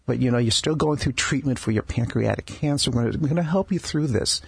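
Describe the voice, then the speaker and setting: A man with a very husky, gravelly voice tells stories about his patients in a radio studio. He stumbles and restarts often and repeats words as he goes. The sound is dry and close, with no room around it. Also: mid-range voice, fast talker, no echo. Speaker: palliative care doctor, guest. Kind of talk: conversational storytelling interview.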